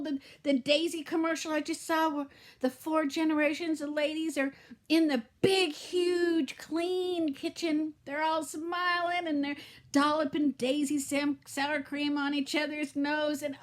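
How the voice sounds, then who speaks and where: A woman's voice: sits high, fairly even intonation, a little slow. A middle-aged woman vlogging to camera in a heartfelt, rambling way that often trails off and restarts. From Southern California. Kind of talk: casual talk to camera.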